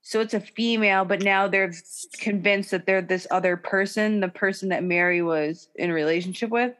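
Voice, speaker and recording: A woman's voice: mid-range voice, moderate pace. Woman co-host, casual and profane gossip, mimics people she talks about. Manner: profane, animated gossiping, acts out quotes. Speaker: podcast co-host. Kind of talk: casual chat.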